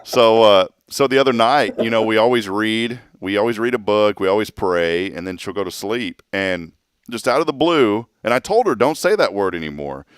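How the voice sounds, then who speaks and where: A man in his thirties tells a family story in a relaxed talk-show chat. His voice rises and falls a lot and he laughs often. The sound is close and dry, with no room around it. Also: on the low side, normal speed, clean tone, no echo. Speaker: co-host. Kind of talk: casual chat.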